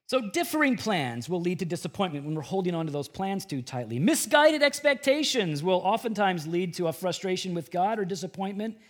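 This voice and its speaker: A middle-aged man preaching a sermon as pastor of a church, shifting from hushed, earnest tones to loud, emphatic bursts. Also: sits high, very animated, brisk, few pauses.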